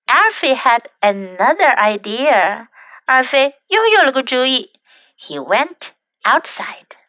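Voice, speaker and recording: A woman English teacher reading a children's story aloud in two languages, explaining phrases in a slow, storybook manner. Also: high voice, sing-song, bright, forceful tone, no room sound.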